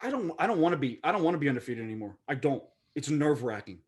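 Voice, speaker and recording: A husky, slightly high-voiced man from the Pittsburgh area co-hosts a casual sports podcast, talking very fast and very animatedly. He jokes and rambles in long runs, stammering and restarting often.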